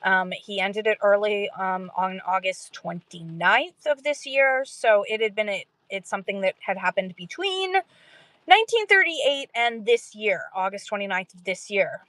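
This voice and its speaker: A woman's voice: mid-range voice, expressive, moderate pace, a bit bright, dry recording. Chatty woman, dry close sound. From Canada. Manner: chatty, rambling, self-deprecating, laughs often. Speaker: livestream host for sellers. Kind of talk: casual livestream chat.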